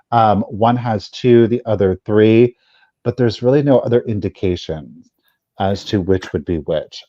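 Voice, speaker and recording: Mellow man co-hosting a sale, dull audio. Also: lowish voice, dry recording. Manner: relaxed, explains items with fillers. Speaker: live sale co-host. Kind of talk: live online sales chat.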